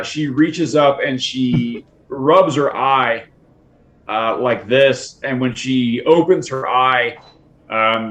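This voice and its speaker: A man narrating a tabletop roleplaying game as its game master. He talks slowly, stumbling over restarts and fillers, with frequent chuckles between phrases. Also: mid-range voice, fairly bright tone. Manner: halting, full of uh and restarts, chuckles often.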